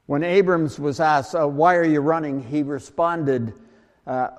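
Slow-speaking male preacher in a reverberant hall. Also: a little high, fairly even intonation. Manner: slow, halting delivery with many restarts and fillers. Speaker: pastor. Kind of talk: sermon.

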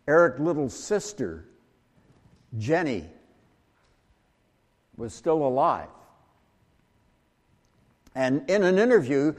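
A man preaching a sermon, talking slowly and haltingly with frequent restarts and fillers. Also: on the high side, a little mellow, in a large hall. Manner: slow, halting delivery with many restarts and fillers. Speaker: pastor.

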